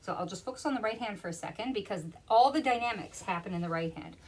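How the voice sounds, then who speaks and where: A woman's voice: mid-range voice, expressive, fast, rough recording. A woman piano teacher explaining rhythm in a lesson, counting beats aloud and half-singing them. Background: piano playing.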